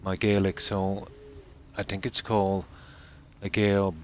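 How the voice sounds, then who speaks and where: Male game streamer at home, low voice, slow and soft-spoken, casual chat. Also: a little hiss or hum. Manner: soft-spoken, talks quietly so sleeping dogs stay asleep; relaxed and unhurried, with fillers. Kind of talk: casual gameplay commentary. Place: home room.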